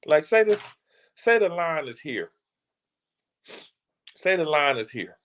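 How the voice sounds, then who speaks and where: A man's voice: fairly high pitch, very animated, a little slow, pauses often, fairly bright tone. A man talks as a motivational speaker with a preacher's fervor. His delivery is casual and slangy, full of restarts and doubled words, and it carries an emphatic drive from start to finish. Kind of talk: passionate livestream talk.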